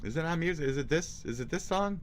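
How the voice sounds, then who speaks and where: A man streaming live, giving casual reaction commentary in a mocking, profane and excitable way. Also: a little high, a little fast, heavy background noise.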